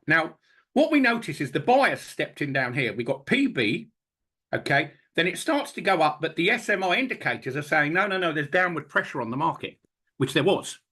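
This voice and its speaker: Animated, slightly husky man presenting charts. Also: on the high side. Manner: animated, talks through charts while switching screens, with storytelling asides. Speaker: trading educator hosting a live workshop. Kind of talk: live webinar presentation, walking through charts.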